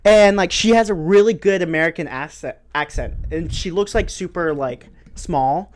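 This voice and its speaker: A man co-hosting a podcast in casual chat, jokey and animated, often slipping into silly voices. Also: sits high, normal speed. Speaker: podcast co-host.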